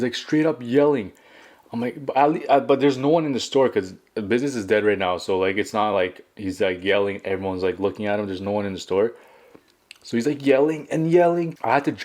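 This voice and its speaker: A man's voice: on the low side, darkish tone. A young man from Canada telling a casual story while eating, chatty and full of fillers. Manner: chatty, filler-heavy storytelling with acted quotes. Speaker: mukbang vlogger.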